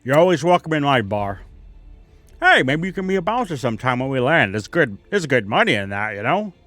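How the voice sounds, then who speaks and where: Casting: man doing a burly Boston orc barman, gruff and friendly, mid-pitched. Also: big pitch swings, a little fast, fairly bright tone, dry recording, soft background music.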